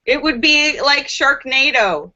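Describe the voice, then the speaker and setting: A sassy woman chats casually on a live stream, reading viewer comments aloud and laughing between jokes. Her fairly high voice swoops around a lot and stays bright, and she talks at an unhurried pace. The sound is dull and lo-fi. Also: animated, heavy background noise. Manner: playful, sassy, laughs often, jokey asides. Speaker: actress and vlogger hosting a live stream.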